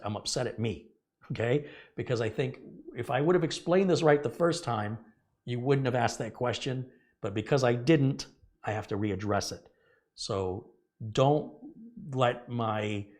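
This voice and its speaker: Earnest and rambling, a middle-aged tech channel host walks through a casual computer repair tutorial, catching and fixing his own mistakes. His voice is mid-range with a darkish tone.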